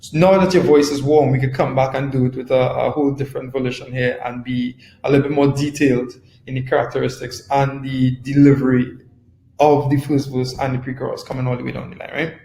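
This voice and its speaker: Producer, relaxed teaching voice with a gravelly edge, in a roomy echoing space. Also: male voice, mid-range voice, fairly quick, a little hiss or hum. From Trinidad and Tobago. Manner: relaxed, conversational, repeats phrases and asks "right?". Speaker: music producer teaching a webinar. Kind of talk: casual instructional talk.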